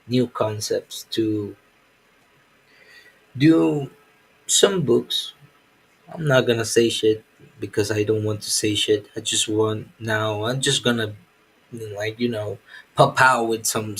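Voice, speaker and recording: A man's voice: on the low side, husky, low-quality recording. A man who makes comics, chatting casually on a live stream in a rambling, profane and self-mocking way. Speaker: comic artist.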